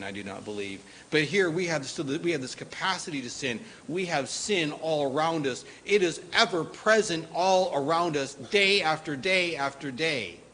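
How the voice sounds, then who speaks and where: Slow, deliberate preaching man, bright tone. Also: a little high, rough recording. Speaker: pastor. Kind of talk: sermon.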